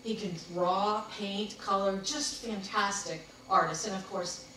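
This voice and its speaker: A woman's voice: medium pitch, steady tone, measured pace, sharp tone. A woman leading a workshop, telling stories with frequent laughs and asking the group to discuss. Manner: chatty, laughing, anecdotal. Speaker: workshop leader. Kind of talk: casual group workshop talk. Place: meeting room with a group. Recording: very echoey room, far from mic, faint background hiss.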